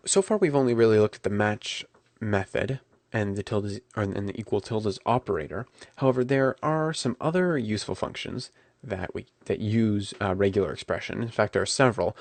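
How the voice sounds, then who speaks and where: A man talking through a coding tutorial at his computer, relaxed and correcting himself as he types. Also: lowish voice, vocal fry, no echo. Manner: relaxed, self-correcting, talks while typing. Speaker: programming instructor.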